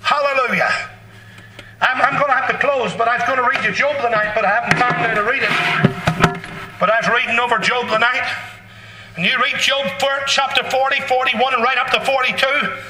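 A man preaching a sermon in a fervent, blunt and folksy way, bursting into shouts. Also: very high voice. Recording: echoey hall, distant mic.

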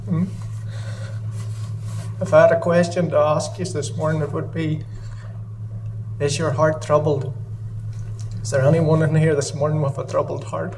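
Earnest man preaching with a flat voice. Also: on the high side, unhurried, creaky, long pauses, far from the mic, a little hiss or hum, poor audio. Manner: earnest, emotional, repeats phrases. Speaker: lay preacher. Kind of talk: sermon. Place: church service.

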